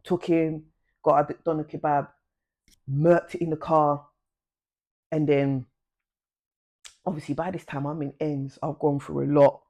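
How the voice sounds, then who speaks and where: A woman telling a personal story to camera in a casual, chatty vlog style, full of slang, who jumps up in pitch to act out what people said. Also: level tone, a little slow, long pauses, dark tone. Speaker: vlogger.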